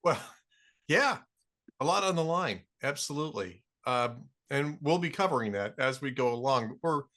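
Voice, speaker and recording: A man's voice: medium pitch, lively intonation, normal speed, a bit bright. A man hosting a casual podcast chat, easygoing and joking. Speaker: host.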